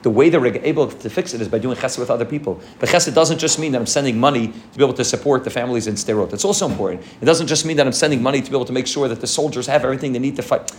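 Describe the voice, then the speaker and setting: A man's voice: medium pitch, very fast, hardly any pauses, slight background noise. A man giving a fervent sermon to his congregation as its rabbi, telling stories and weaving in many Hebrew and Yiddish terms. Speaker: rabbi of a synagogue.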